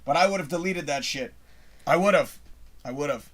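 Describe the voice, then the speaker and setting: A middle-aged man from Canada hosting a live show, telling a long rambling story in a casual, animated way and swearing freely. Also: on the high side, normal speed.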